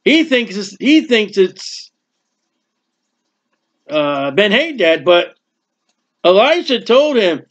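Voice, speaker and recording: Emphatic high-voiced man preaching. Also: expressive, a bit bright. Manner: emphatic, repetitive, conversational asides with quick jokes. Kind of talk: verse-by-verse Bible teaching. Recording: dull lo-fi recording.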